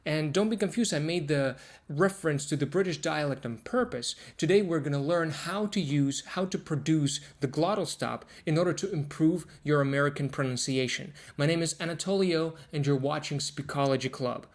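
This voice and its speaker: A man teaching a pronunciation lesson to camera, explaining step by step and repeating example words slowly to demonstrate sounds. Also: a little high.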